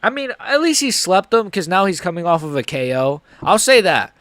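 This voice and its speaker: A man with a slightly higher voice than most, streaming live reactions to fights. He rambles, swears freely and swings between highs and lows, recorded dry and close with no room sound. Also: very animated, normal speed, fairly bright tone, no room sound. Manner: profane, rambling, emotionally swinging.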